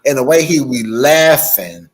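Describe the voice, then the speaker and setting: A man in a casual chat, telling stories in an animated, profane way. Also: mid-range voice, measured pace. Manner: animated, profane storytelling with frequent laughter.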